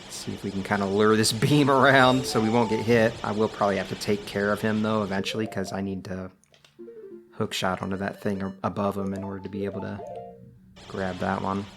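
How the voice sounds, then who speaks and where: A man hosting a video game let's play, giving relaxed, chatty commentary full of filler words. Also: on the low side, fairly quick, gravelly, music in the background. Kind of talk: casual gameplay commentary.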